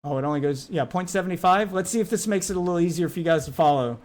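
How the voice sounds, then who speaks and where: Blunt, high-voiced Southern man. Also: fast, a little mellow. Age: 30s. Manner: blunt, profane, joking. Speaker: stream host. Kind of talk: casual reaction commentary.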